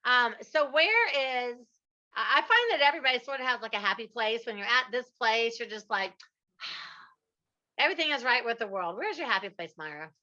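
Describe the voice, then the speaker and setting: Woman interview host, high bright voice, animated storyteller, dull lo-fi sound. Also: normal speed. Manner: animated storyteller, drawls out punchlines. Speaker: podcast host. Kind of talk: casual interview chat.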